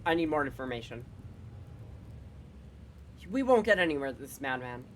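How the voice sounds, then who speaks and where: A woman streamer giving excitable, casual commentary on a game. She swears freely and reads game dialogue aloud. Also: a bass voice, moderate pace, a little hiss or hum.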